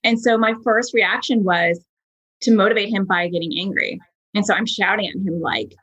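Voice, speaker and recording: A woman in her thirties, a podcast host telling a story in a chatty, animated way with lots of fillers. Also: mid-range voice, moderate pace, slightly rough, rough recording. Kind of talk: casual conversational storytelling.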